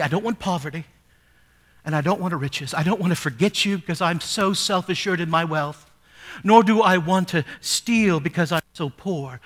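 A male pastor delivers a sermon, reading scripture aloud and posing rhetorical questions to the congregation as he builds to emphatic peaks. His voice sits a little high.

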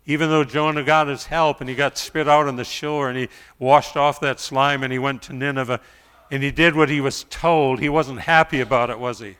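A middle-aged male pastor preaching a sermon, telling stories quietly and then rising to loud pleas. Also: medium pitch, clear, resonant tone, in a large hall.

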